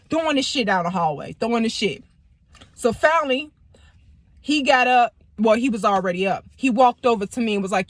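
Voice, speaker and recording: A woman telling a personal story in a casual, animated, profane way. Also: fairly high pitch, fairly quick, dry recording. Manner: animated, profane, emphatic retelling. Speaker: vlogger, storyteller.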